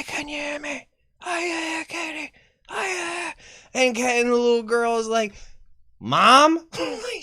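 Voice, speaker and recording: A man's voice: on the high side, a bit bright. A man hosting a live chat, recapping a horror movie in a sarcastic, exasperated way that is full of swearing. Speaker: horror movie reviewer and host.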